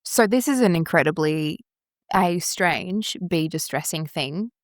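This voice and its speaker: Woman podcast host, measured and probing, lowish voice, dry studio sound. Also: animated, no room sound. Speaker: interviewer. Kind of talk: podcast interview questions.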